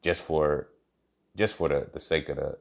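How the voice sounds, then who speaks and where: A man's voice: very deep voice, steady tone, unhurried, gravelly. A man hosting a podcast, talking in a passionate, conversational monologue, swearing freely and checking in with "you feel me". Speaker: podcast host. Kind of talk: casual monologue.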